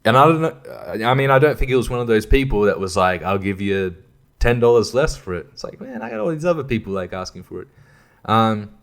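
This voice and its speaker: A man's voice: medium pitch, sing-song, fast talker, gravelly, a bit bright. A man hosting a podcast, rambling casually with profane, exasperated rants. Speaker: podcast host.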